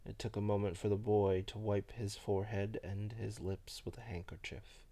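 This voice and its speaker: A man reading a novel aloud in a measured, low-key way. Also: little pitch movement, dark tone. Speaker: audiobook reader. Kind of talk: novel narration.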